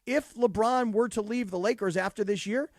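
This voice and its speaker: A man's voice: sits high, moderate pace, a little mellow, no room sound. A man hosting a sports radio show, joking and sarcastic, speaking in a studio. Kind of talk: casual sports talk.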